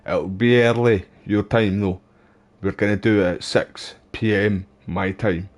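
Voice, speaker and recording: Low-voiced Scottish man streaming games. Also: fairly even intonation, a little slow. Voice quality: laid-back, swears casually, calls viewers mate and bro. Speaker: gaming live streamer. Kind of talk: casual live-stream gameplay chat.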